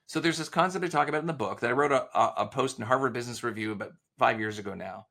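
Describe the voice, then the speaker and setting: A man's voice: medium pitch, racing. A man being interviewed on a podcast about sales, telling stories and acting out the dialogue as he goes. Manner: animated storyteller, acts out quoted dialogue. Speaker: sales author and consultant guest.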